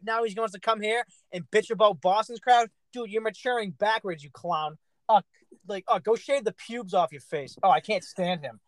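Dude with a high voice ranting about basketball, dry close sound, cusses constantly. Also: male voice, normal speed, no room sound, rough recording. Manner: ranting, profane, animated. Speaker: podcast co-host. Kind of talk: casual sports chat.

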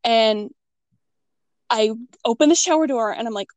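Animated woman telling a spooky story. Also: normal speed, no room sound. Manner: animated, acts out quotes with big pitch jumps and laughs. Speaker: guest telling a ghost story. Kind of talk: casual storytelling chat.

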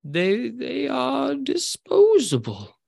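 A man voicing a mysterious unseen schemer in a fantasy game, speaking slowly, high and ominous. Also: huge pitch swings, creaky, darkish tone, heavily acted. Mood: cold. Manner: slow, drawn-out, high and ominous. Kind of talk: fantasy game role-play.

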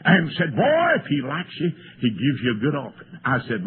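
An older man, preaching a folksy storytelling sermon that swells into shouts and tearful cries. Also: a little high, wildly swooping pitch, a little fast. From American. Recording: tinny lo-fi old sermon tape with faint hiss.

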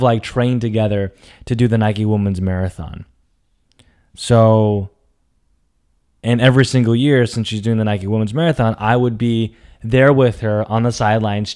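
A young man telling a personal story dramatically, swinging between hushed lines and emphatic, profane outbursts. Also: fairly low pitch, clear, resonant tone.

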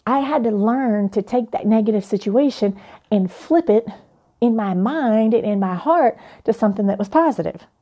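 A young adult woman, a life coach, telling a personal story in an animated, playful way. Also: on the high side, normal speed.

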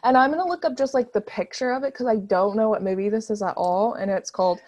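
A woman's voice: fairly high pitch, fast, darkish tone, dry recording. Gushing young woman, casual chat. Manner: bubbly, gushing, lots of "like" fillers.

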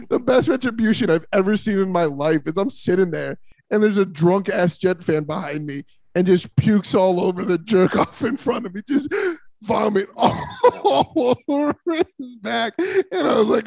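High, gravelly-voiced sports talker. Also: male voice, expressive, moderate pace, no room sound. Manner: loud, rambling, mocking storyteller. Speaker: co-host. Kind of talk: casual sports talk.

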